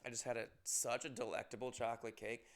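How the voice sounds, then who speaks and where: A mid-range voice with vocal fry and little pitch movement, delivered at a fast clip. The man is a comedian and podcast host, rambling through self-deprecating stories in a casual monologue and cursing often.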